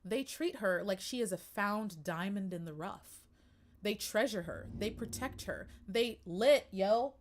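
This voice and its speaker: A woman's voice: mid-range voice, animated, a little slow, slight background noise. A woman hosting a podcast livestream, talking in a chatty, emphatic way and greeting viewers in the chat. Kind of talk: casual livestream monologue.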